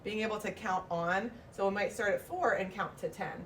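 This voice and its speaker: A woman's voice: mid-range voice, normal speed. A woman who teaches preschool, explaining her classroom calendar routine and slipping into a sing-song teacher voice for demonstrations. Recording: distant mic, faint background noise.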